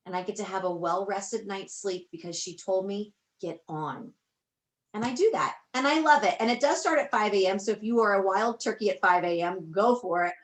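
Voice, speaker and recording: An effusive woman coach speaking to her team on a motivational call. She gushes, circles back and repeats her points in a chatty way. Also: medium pitch. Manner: effusive, gushing, repeats herself. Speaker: business coach.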